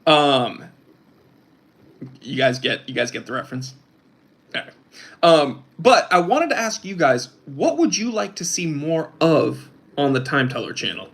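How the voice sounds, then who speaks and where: A man's voice: a little high, sing-song, unhurried, gravelly, fairly bright tone. A young man hosting a casual livestream, reading out chat and rambling with restarts and fillers. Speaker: host of a watch channel, reading live chat.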